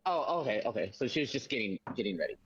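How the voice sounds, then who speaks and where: A man playing in a tabletop game, speaking in a hesitant, halting way. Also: medium pitch, big pitch swings, fairly bright tone, breathy edge, dull audio. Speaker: player. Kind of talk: casual tabletop game play.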